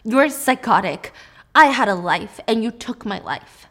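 A woman voicing a frightened young wife who accuses her husband, her voice high and pleading. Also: expressive, measured pace, a bit bright. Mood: frantic.

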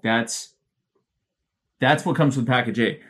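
A man's voice: mid-range voice, slow, fairly bright tone. A man co-hosting a casual live auction, dry and jokey while tallying bids. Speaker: co-host. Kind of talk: casual livestream auction chat.

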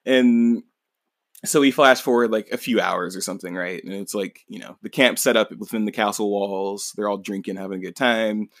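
A man's voice: on the low side, steady tone, brisk, few pauses, fairly bright tone, dry recording. A man hosting a podcast, casually recapping a manga in a rambling, laid-back way, swearing and laughing along. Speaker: podcast host.

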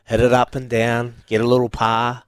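A man's voice: mid-range voice, monotone, moderate pace, clear, resonant tone, no room sound. A male radio host in casual studio chat, talking to listeners and telling golf stories with frequent restarts. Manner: chatty, frequent restarts, talks straight to listeners.

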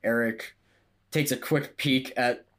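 Man, mid-pitched voice, animated podcast co-host. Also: takes it slowly. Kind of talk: casual chat.

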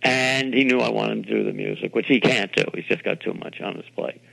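An older man from New York City, a television producer being interviewed, telling animated anecdotes and acting out the voices of people he quotes. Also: fairly low pitch, a little fast, vocal fry, low-quality recording. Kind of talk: interview storytelling.

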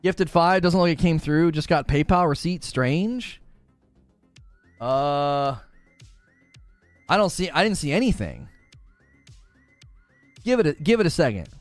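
A young man doing casual livestream commentary on games, animated and exasperated. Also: on the high side, dry recording, soft background music. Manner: animated, exasperated, quick retorts. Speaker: gaming streamer.

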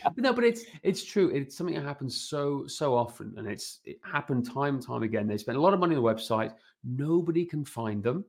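A man in his forties talks through his subject in a casual, animated way as a podcast guest, constantly checking in with his listener. His voice sits at a middle pitch. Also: brisk, gravelly, few pauses. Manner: animated, keeps checking in with "right?". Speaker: guest, fitness business and website consultant.

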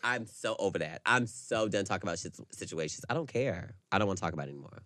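A man's voice: sits low, lively intonation, fast, sharp tone, no echo. A man co-hosting a podcast, chatting casually and animatedly, swearing freely and laughing often. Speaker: podcast co-host. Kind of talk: casual chat.

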